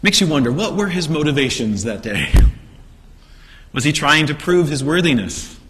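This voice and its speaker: A man's voice: fairly high pitch, sing-song, moderate pace, background noise. A man preaching a sermon, telling the story with rhetorical questions and acted-out quotes. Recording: long hall reverb.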